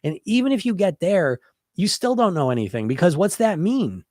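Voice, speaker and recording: A man's voice: high-pitched, very animated, normal speed, a little mellow, no echo, studio quality. A man hosting a weight-loss podcast, talking casually and with energy, often restarting and repeating words. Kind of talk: casual monologue.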